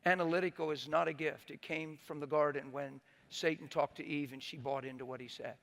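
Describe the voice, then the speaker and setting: A man pastor preaches with emphatic storytelling, acting out the people in his story. His voice sits high with a bright, ringing tone. He keeps a lively preaching drive. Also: brisk, gravelly. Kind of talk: sermon.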